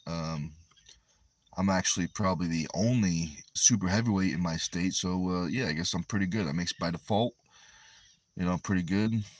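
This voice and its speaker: A man's voice: low voice, normal speed. A man from Connecticut with a New England accent, hosting a livestream and reading viewer comments aloud in an easygoing, rambling way. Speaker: arm wrestler and livestream host.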